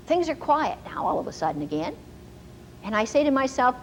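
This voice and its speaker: Woman bible teacher telling stories in a sermon, animated, laughs a lot, voice jumps all over. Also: high-pitched, brisk, dull audio, slight background noise. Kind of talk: storytelling sermon.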